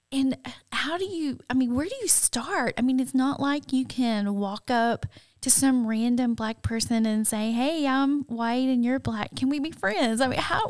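A middle-aged woman hosting a podcast interview, asking earnest, halting questions full of restarts. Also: high-pitched, no room sound, clean studio sound. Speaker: podcast host. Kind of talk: interview conversation.

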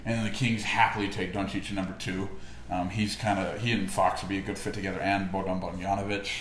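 Young guy hosting a sports podcast, low-ish voice, chatty and opinionated, bit of room echo and hiss. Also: flat delivery, quick pace, a bit bright. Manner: chatty, opinionated, laughs often. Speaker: podcast host. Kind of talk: casual sports chat. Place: room, walking around.

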